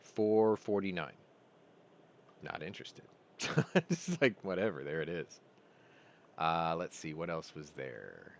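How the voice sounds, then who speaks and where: A man with a low voice chats casually as the host of his own stream. He rambles through his stories, and his pitch swings widely as he goes. He often laughs at his own jokes. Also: big pitch swings, takes it slowly, vocal fry, long pauses. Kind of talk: casual live-stream chat.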